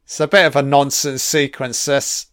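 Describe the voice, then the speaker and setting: A man's voice: mid-range voice, flat delivery, moderate pace, fairly bright tone, dry recording, studio quality. A man giving casual, sarcastic film commentary, swearing constantly and mocking what is on screen. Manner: sarcastic, heavily profane, mocking.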